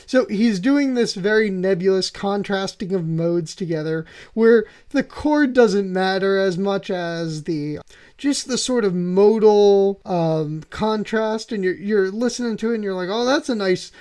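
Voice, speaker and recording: A man's voice: high voice, a little slow, a little mellow, clear, resonant tone. A man hosting a piano channel, walking through music theory with enthusiasm and often checking in with "right?". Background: faint piano playing.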